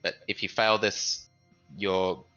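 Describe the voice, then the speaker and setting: Low-voiced man running a tabletop game. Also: slow pace, dull audio, faint music behind. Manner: relaxed, steady narration with frequent checks. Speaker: dungeon master.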